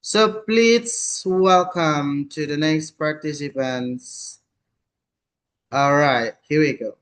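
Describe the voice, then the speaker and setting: A man's voice: on the high side, slow, fairly bright tone. A man hosting a storytelling contest in a casual, slightly hesitant way. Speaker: contest host. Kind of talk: event hosting.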